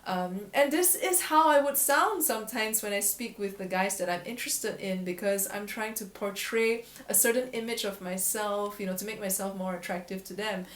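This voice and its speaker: A woman voice coach speaking in a candid, reflective vlog voice at a middle pitch. She laughs at herself now and then, and her voice rings in a roomy, echoey space. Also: moderate pace, few pauses. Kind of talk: casual vlog talk to camera. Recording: echoey room.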